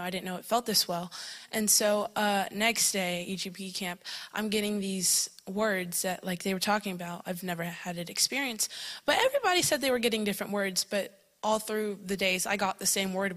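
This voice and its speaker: A young woman tells her story in a loose, chatty way, scattering "like" and "um" through her sentences and laughing as she goes. Her voice is bright and forward, sitting in an ordinary middle pitch for a woman. It sounds like casual spoken testimony rather than anything scripted. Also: brisk. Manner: chatty, filler-heavy with frequent "like" and "um", laughing often. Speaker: camp attendee giving a testimony.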